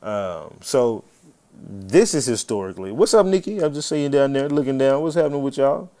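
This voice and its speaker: A man's voice: mid-range voice, animated, normal speed, mellow. A man hosting a live stream, chatting casually and swearing freely, greeting viewers by name. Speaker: livestream host.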